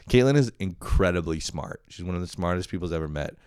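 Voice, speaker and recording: This low-voiced young Canadian podcast host talks alone in a loose, profane, self-mocking ramble, laughing often. His intonation is lively, his speed normal and his pauses frequent, with a darkish, smooth tone and studio-quality sound free of room noise.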